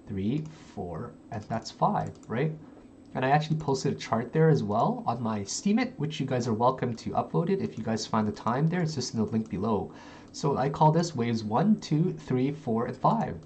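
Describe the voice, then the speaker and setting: A man's voice: mid-range voice, a little mellow, a little hiss or hum, rough recording. A man giving casual live-streamed chart analysis from home into a desk microphone, chatty and constantly addressing his viewers as guys. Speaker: crypto trading streamer.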